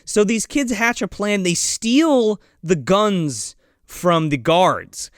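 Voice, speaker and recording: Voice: mid-range voice, expressive, slow, no echo, studio quality. A podcast co-host casually recapping a movie, rambling and swearing, with plenty of fillers. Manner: rambling, profane, full of fillers and acted-out quotes.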